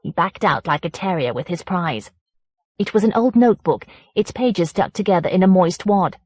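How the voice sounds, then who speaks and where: A woman reading a first-person horror story aloud as an audiobook narrator, in a measured, deliberate way. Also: lowish voice, lively intonation, a little mellow, no room sound.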